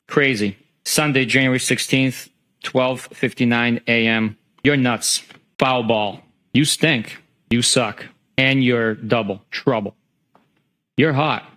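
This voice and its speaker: A man testifying as a trial witness, reading a string of text messages aloud in a steady, matter-of-fact way in a courtroom. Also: mid-range voice.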